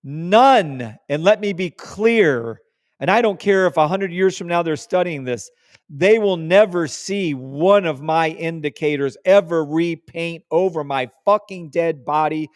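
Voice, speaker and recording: A man's voice: a little high, measured pace, no echo, studio quality. A man hosting a live trading stream, talking casually and emphatically, repeating words for stress and swearing when riled. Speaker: trading livestream host.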